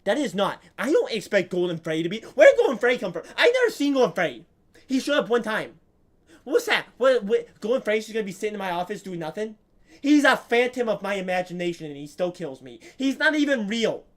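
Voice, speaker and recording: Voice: mid-range voice, sing-song, fast. Playful game streamer joking with chat. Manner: playful, jokey, talks to chat. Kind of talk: casual gameplay commentary.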